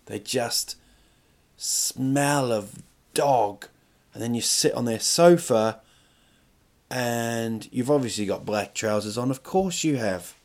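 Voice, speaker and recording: Slow and a little mellow, a medium-pitched man in middle age hosts a podcast, rambling through a crude comic monologue. His phrasing is stop-start, and he leans on rhetorical questions.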